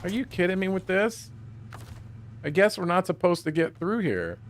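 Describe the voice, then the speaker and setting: High-voiced swearing gaming streamer man. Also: big pitch swings, normal speed, slight background noise. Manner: profane, grumbling to himself. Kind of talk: casual live-stream chatter.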